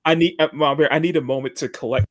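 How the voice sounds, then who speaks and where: Halting man hosting a live stream. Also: on the high side, steady tone. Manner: halting, restarts often, stalls while collecting his thoughts. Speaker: livestream host. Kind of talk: casual live-stream chat.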